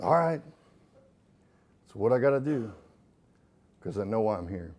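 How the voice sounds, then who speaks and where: A middle-aged man giving a live motivational keynote on stage, folksy and joking, swinging between punchy lines and hushed ones. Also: on the low side, animated, measured pace. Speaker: motivational speaker. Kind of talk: live keynote speech to an audience. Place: stage in front of a live audience.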